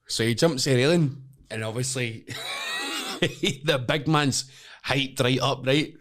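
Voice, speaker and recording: Scottish man, podcast guest, sweary animated storyteller, mid pitch. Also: unhurried. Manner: sweary, animated, laughs through stories. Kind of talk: casual storytelling chat.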